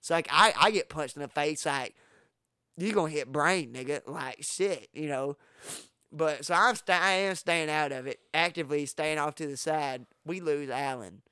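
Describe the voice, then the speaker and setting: A man telling rowdy stories on a podcast in a bright, pressed, slightly high voice. His speech is crisp and clean, recorded close and dry, and he bursts loud whenever he acts out a line. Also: moderate pace, no room sound. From Texas. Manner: animated, profane, acts out quoted lines with sudden loud jumps. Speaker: podcast host. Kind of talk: casual storytelling.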